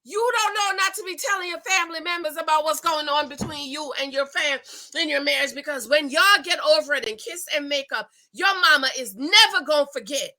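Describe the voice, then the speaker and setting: A woman's voice: high voice, fairly quick, sharp tone. A woman, doing a sassy, emphatic recap commentary that calls the viewer "girl.". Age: 40s. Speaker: reality TV recap host. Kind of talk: casual commentary, talking to camera.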